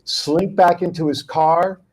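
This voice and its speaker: A man hosting a round-table talk show, telling stories in a lively way and acting out his own shouts. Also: fairly high pitch, slow pace, rough recording. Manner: animated storyteller, acts out yelling. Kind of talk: casual round-table chat.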